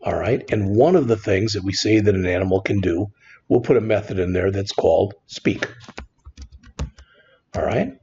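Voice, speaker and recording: A man teaching a screen-recorded programming lesson in a relaxed, conversational way, often saying "all right". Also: on the low side, normal speed, pauses often, lo-fi sound, slight background noise. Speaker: programming instructor.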